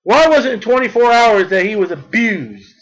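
A male preacher with a notably high voice delivers a sermon. His delivery is fervent and climbs toward near-shouting when he presses a point home. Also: lively intonation, normal speed, low-quality recording.

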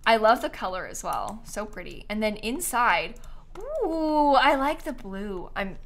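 A woman's voice: a little high, sing-song, measured pace, creaky, a bit bright. A young woman doing casual live-stream commentary as she tours viewer builds, bubbly and giggly, gushing over what she sees.

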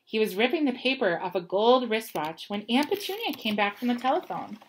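A woman's voice: on the high side, very animated, brisk, a little hiss or hum. Woman reading a storybook aloud. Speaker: reader.

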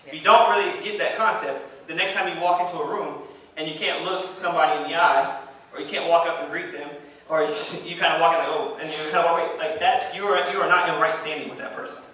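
Man preaching, fairly high bright voice, emphatic and repetitive, echoey church room, heard from a distance. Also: fairly even intonation, quick pace, slight background noise. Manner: emphatic, repeats phrases, reads scripture aloud. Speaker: pastor. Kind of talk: sermon. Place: church sanctuary.

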